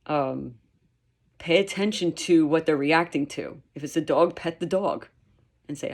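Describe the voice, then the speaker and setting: A woman dog trainer explaining her methods in a lively, emphatic way, sometimes acting out quotes. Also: sits low, a little slow. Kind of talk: instructional talk.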